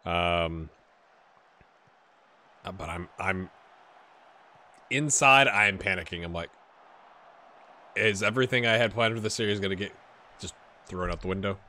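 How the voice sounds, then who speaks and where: A man casually commentating a football management game, rambling and questioning himself, with sudden bursts of excitement. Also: deep voice, unhurried, long pauses. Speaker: gaming YouTuber.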